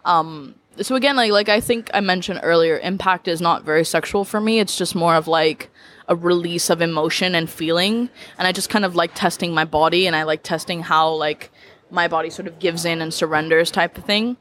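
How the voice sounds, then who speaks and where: A woman's voice: fairly low pitch, a little fast, a bit bright, slight background noise. A young woman speaking as a podcast guest in casual chat, talking freely with lots of "like" fillers and easy laughter. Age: young adult. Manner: chatty, leans heavily on "like" fillers, laughs easily.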